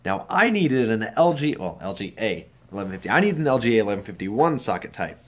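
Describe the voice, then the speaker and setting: A young man vlogging casually about his computer upgrade and daily routine, swearing freely and swinging between muttered asides and loud, upbeat advice. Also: on the low side, very animated, fast talker. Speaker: vlogger and streamer. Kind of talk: casual vlog.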